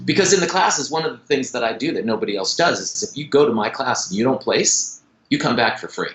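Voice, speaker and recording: An animated man talking as a guest dentist in a podcast interview, his pitch swinging widely and his voice bright and forceful. He tells stories quickly and often restarts sentences. The sound is roomy and echoey. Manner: animated, fast-talking storyteller with frequent restarts. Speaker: dentist and implant educator.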